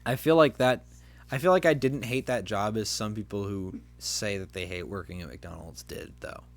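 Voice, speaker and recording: A man's voice: on the low side, moderate pace, a little hiss or hum. A young adult man hosting a podcast, telling a rambling story in casual chat with lots of fillers. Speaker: podcast host.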